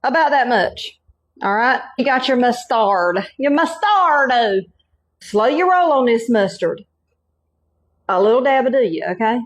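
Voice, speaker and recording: Southern carolina lady showing a recipe, folksy and chatty, pretty high voice. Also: lively intonation, moderate pace. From North Carolina. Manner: folksy, chatty, keeps saying y'all and okay. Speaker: cooking channel host. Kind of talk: home cooking demonstration.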